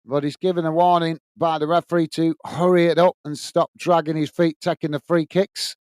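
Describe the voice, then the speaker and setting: Man, from England, fan watch-along host, high voice, crisp and dry close sound, chatty, reads viewer comments. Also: flat delivery, brisk, a little mellow, no echo. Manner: chatty, reads out viewer comments, partisan for his own team. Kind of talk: live fan commentary and chat reading.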